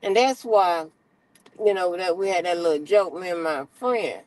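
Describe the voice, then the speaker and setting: A middle-aged woman, telling a story as an animated, profane, exasperated rant on her stream. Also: lowish voice, moderate pace, no echo, poor audio.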